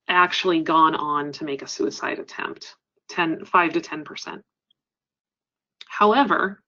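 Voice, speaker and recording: Woman giving a webinar talk, kinda low voice, lots of ums, muffled audio. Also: pushed and bright. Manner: earnest, explanatory, frequent ums. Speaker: crisis center trainer. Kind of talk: webinar presentation.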